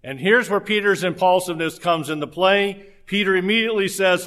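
Conversational preacher, a man pitched a bit high. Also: brisk, few pauses, fairly bright tone. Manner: conversational with humorous asides. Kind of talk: sermon.

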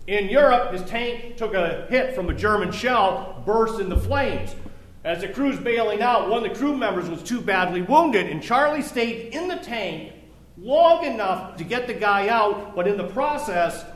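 A man's voice: sits high, animated, unhurried. A man preaching a sermon as a pastor, reading scripture and then talking conversationally with joking asides. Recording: echoey room.

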